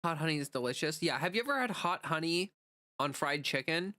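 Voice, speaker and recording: A woman's voice: low voice, brisk, pushed and bright, no room sound, studio quality. A woman streamer in casual live chat, answering chat messages in a chatty way with lots of "like" fillers.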